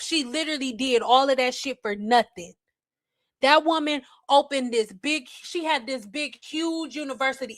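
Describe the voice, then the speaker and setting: A woman's voice: high-pitched, a bit bright, no echo, studio quality. A woman ranting as a hair care educator, blunt, exasperated and profane in casual livestream talk.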